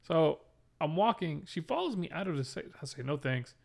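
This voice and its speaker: A man's voice: a little high, big pitch swings, fairly quick, gravelly. A man co-hosting a podcast in casual chat, telling blunt, exasperated stories. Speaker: podcast co-host.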